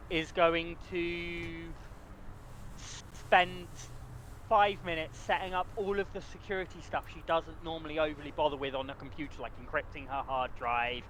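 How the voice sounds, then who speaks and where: A man's voice: medium pitch, a bit bright, a little hiss or hum, rough recording. A man playing a tabletop game, animatedly describing what his character does. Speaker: player. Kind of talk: casual tabletop play.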